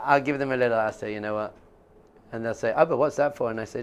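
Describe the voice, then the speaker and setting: A man's voice: mid-range voice, racing, a little hiss or hum. A man teaching as a rabbi in an informal class, conversational and jokey, often laughing and acting out quotes.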